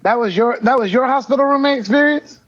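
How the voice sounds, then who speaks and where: A man co-hosting a podcast, telling a profane story in casual chat and loudly quoting people. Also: very high voice, quick pace, no echo, lo-fi sound. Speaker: podcast co-host.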